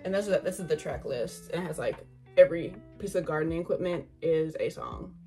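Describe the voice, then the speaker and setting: A young woman gushing over an album unboxing in casual chat, excitable, swearing and full of fillers. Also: sits low, brisk, soft background music.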